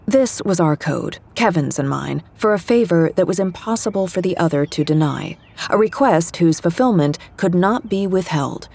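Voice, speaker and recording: Audiobook narrator: young woman, wry delivery, husky low voice. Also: animated, moderate pace, dark tone. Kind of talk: first-person fiction narration.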